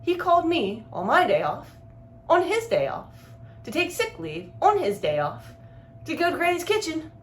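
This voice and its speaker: Woman narrator for a casual storytime, high voice, exasperated and blunt. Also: huge pitch swings, moderate pace. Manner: talks straight to one listener by name.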